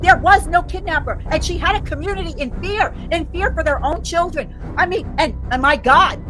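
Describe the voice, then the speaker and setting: A woman's voice: very high-pitched, moderate pace, music in the background. A woman commentator delivering an angry, indignant rant peppered with profanity.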